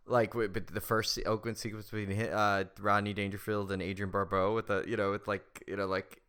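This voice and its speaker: A man's voice: on the low side, flat delivery, a little fast, fairly bright tone, clean tone. A man co-hosting a podcast in casual chat, rambling and laughing as he quotes movie lines. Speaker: podcast co-host.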